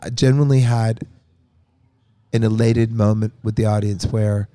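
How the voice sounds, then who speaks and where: A man's voice: lowish voice, fairly even intonation, moderate pace, dark tone. A man recovering from a cold, chatting casually and jokingly on a backstage podcast. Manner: joking, rambling. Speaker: band member and podcast host.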